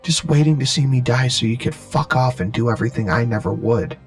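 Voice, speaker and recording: A man voicing a dead brother, quiet but rabid, growling each word with hate. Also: a little high, steady tone, measured pace, soft background music, voice pushed up. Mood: hateful growl. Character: dead boy's voice, bitter and hateful, afraid.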